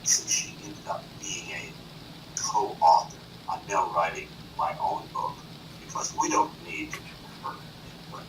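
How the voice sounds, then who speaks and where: A man from North Carolina, a boastful and animated talk show guest in a TV studio. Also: deep voice, recorded from a distance. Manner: boastful, animated, does quick impressions. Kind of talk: boastful chat. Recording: echoey room, off-mic, noisy.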